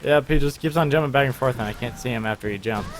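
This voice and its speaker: A man's voice: medium pitch, fast, a little hiss or hum. Playful man gaming with friends. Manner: playful, hums and laughs, excitable squeals. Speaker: gamer playing co-op. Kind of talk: casual gameplay chat.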